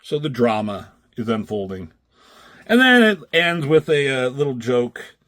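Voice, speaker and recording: A man's voice: medium pitch, sing-song, unhurried, a bit bright, dry recording, studio quality. A man reviewing comic strips in a casual, rambling chat, swearing freely and acting out characters' lines in raised voices.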